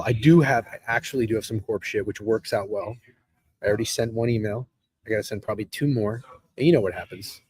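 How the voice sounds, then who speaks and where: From a hotel room, a man in his thirties hosts a live stream, chatting casually, rambling, swearing, and responding to chat as he goes. His voice is fairly low, darkish, and a little rough.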